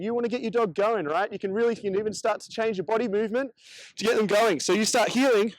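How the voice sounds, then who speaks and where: High-voiced upbeat male dog trainer. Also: quick pace, no echo, low-quality recording. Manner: coaching, upbeat praise to the dog between explanations. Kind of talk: instructional demonstration.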